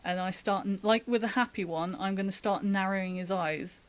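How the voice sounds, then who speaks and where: A woman talks through a drawing demo in a relaxed, chatty stream. She thinks aloud as she sketches and laughs easily. She is from the UK. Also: medium pitch, fairly quick. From United Kingdom. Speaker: artist giving a drawing demo. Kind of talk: casual live-stream drawing tutorial.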